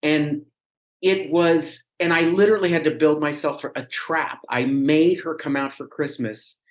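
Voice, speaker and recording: A man talking as a podcast guest, telling a personal story in an animated, rambling way. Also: on the high side, a little slow. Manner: animated, chatty, rambling with restarts. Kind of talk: casual storytelling chat.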